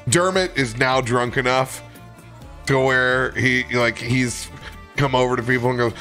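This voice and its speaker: Gravelly man narrating a game character. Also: medium pitch, steady tone, measured pace, pushed and bright, faint music behind. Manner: swearing, laughing, rambling. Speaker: tabletop game player.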